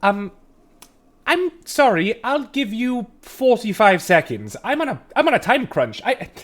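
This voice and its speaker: A man voicing a fussy, hurried male gnome mage with a high stammering voice. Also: very animated, full character voice. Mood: flustered. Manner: high-pitched, loud, stammering rush.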